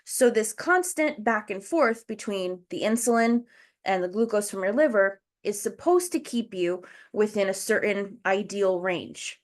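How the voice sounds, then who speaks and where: A woman's voice: mid-range voice, animated, a little slow. Breathless woman host on a video call, chatty and explanatory, speaking straight to her viewers. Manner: chatty, explains step by step, addresses the chat. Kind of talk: casual educational livestream talk.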